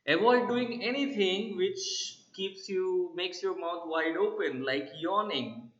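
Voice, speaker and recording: A middle-aged man, a soft skills trainer, gives emphatic interview tips to camera and keeps checking in with "right?". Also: high-pitched, slow. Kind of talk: instructional talk to camera. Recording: roomy, slightly dull sound.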